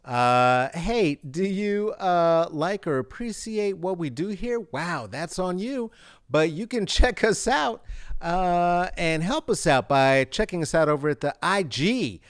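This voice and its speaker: A man signs off his podcast in a rambling, joking way, swearing freely. His fairly high voice swings about animatedly. The sound is close and dry. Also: expressive, slow, clear, resonant tone, no room sound. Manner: rambling, jokey, swears often. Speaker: podcast host. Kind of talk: comedic podcast sign-off.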